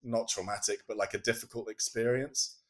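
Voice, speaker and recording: A man chatting as a podcast guest. He often restarts his sentences and acts out the quoted lines in his stories. His voice sits at an ordinary, middle pitch. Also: steady tone, brisk. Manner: storytelling, acting out quoted speech. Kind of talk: casual conversation.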